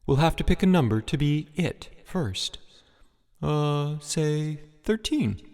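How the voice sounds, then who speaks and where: A man's voice: a little high, animated, moderate pace, darkish tone, in a large hall, voice pushed up. A man doing a wry young camp director.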